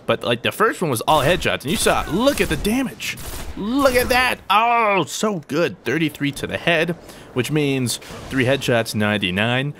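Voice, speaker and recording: A young man narrates his match in an animated, joking way, his pitch leaping up and down as he talks to the players around him. His voice sits a little high for a man. A faint hiss runs under the recording. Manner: jokey, animated, talks to opponents and himself. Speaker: gaming YouTuber. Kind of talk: gameplay commentary.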